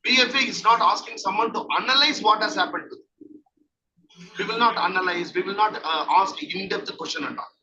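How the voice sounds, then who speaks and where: Heard through a faintly noisy, dull lo-fi microphone placed far off, a counselling trainer lectures and goes back over his main points while explaining. He's a man with a high-sitting voice speaking at an ordinary pace.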